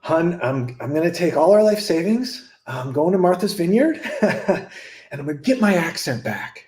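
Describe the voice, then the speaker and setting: A man's voice: a little high, animated, normal speed, a little mellow, reverberant, lightly acted. A man voicing a harried newspaper editor who stammers when exasperated. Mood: resolute.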